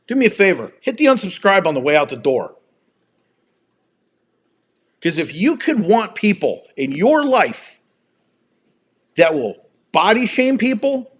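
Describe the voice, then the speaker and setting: A man's voice: sits high, slightly rough. Furious, profane man ranting. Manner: heated, profane, emphatic. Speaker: livestream host. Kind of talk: angry livestream rant. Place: at home.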